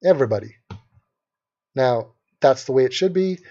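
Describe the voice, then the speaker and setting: Dark in tone, with lively intonation at a moderate pace, this mid-range male voice belongs to a livestream host from Los Angeles. He reads chat questions aloud and answers them brashly and sarcastically, and the stream audio is dull and lo-fi.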